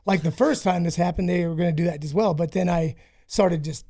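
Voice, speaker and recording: A man's voice: high voice, steady tone, fairly quick, mellow. A man telling rambling, profane stories about himself in a casual podcast interview. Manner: profane, rambling, self-mocking. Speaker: guest, former fighter.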